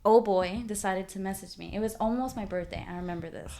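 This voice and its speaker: Animated young woman telling a story. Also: medium pitch, fast talker, vocal fry, a little hiss or hum. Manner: animated, swearing, acts out quotes. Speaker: podcast guest. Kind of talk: casual storytelling chat.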